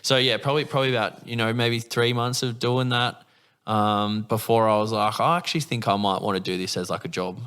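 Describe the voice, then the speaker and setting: A man's voice: lowish voice, a little fast, smooth. A young Australian man telling stories in a casual interview, swearing freely and acting out quotes from others. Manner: swears freely, animated anecdotes with acted quotes. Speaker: guest.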